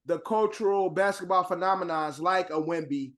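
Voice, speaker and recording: High-voiced rambling man in podcast chat. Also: moderate pace, a bit bright. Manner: rambling, agreeable, many fillers like "like". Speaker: podcast co-host.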